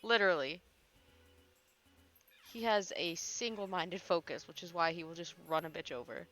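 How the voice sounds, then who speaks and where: A woman's voice: lowish voice, expressive, moderate pace, fairly bright tone, faint music behind. A woman streaming a video game, chatting casually and joking at her own expense, with the odd swear.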